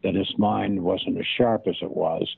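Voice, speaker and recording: An older man, an impressionist, telling showbiz anecdotes in a halting, storytelling way over a tinny line. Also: sits low, steady tone, vocal fry, breathy edge. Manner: anecdotal, halting with many restarts. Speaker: impressionist guest. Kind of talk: casual interview storytelling. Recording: tinny phone-like line, dry.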